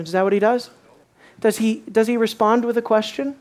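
Woman teaching scripture with lively questions. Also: a little high, moderate pace. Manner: animated, asks the audience questions, acts out quotes. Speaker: bible teacher. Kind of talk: bible study teaching.

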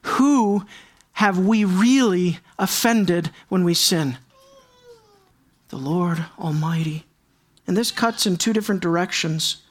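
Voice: mid-range voice, slow pace, long pauses. A pastor preaching a sermon to a congregation, addressing them directly and repeating key words for stress.

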